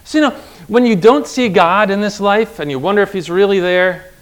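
Emphatic preacher man with a fairly high voice. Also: brisk. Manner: conversational, asks the listeners rhetorical questions; emphatic, voice jumps up on acted pleas. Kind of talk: sermon.

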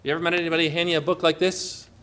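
A man's voice: on the high side, little pitch movement, racing, fairly bright tone. A man preaching a sermon as pastor, emphatic and often putting questions to the congregation.

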